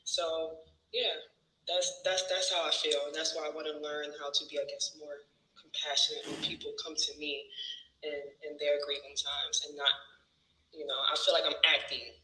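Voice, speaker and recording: Man, group participant; casual and hesitant, restarts often; slightly high, very bright tone. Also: flat delivery, normal speed, reverberant, slight background noise, poor audio. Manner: hesitant, many restarts and fillers. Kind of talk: casual chat.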